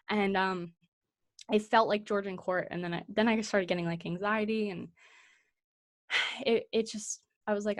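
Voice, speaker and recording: A woman's voice: fairly low pitch, steady tone, moderate pace, a bit bright. A young woman in her twenties co-hosting a podcast, talking casually and reflectively, getting teary and laughing through it. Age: 20s. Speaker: podcast co-host.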